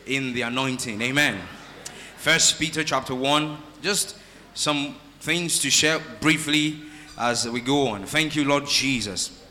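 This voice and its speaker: A man preaching a sermon in church, calling out to the congregation and stretching key words slowly for emphasis. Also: medium pitch, sharp tone, a little hiss or hum. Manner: preaching with call-and-response, drawn-out emphasis. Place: church hall. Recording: live sermon in a reverberant hall.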